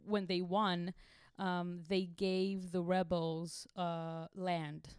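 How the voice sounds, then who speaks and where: A woman's voice: lowish voice, level tone, drawn-out words, a little mellow, clear, resonant tone, no room sound, clean studio sound. A young woman from Israel, a podcast co-host, telling a wild travel story casually, swearing freely and laughing through it.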